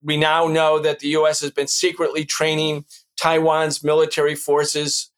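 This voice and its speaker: A man's voice: on the high side, monotone, normal speed, fairly bright tone, clear, resonant tone. A man hosting a political talk show, speaking in an emphatic, lecturing way and repeating points for stress. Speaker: podcast host. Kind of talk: political commentary.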